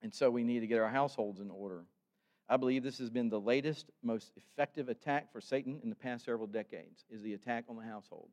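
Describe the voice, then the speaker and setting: An older man preaching a sermon with emphatic delivery that builds to loud exhortation. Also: medium pitch, fast talker, in a large hall. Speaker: pastor.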